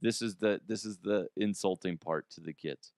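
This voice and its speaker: A man's voice: deep voice, normal speed, creaky, darkish tone, clear, resonant tone, no room sound, studio quality. A man hosting a comedy news show, reading ads and riffing in a playful, sarcastic way with jokey asides. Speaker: comedy news podcast host.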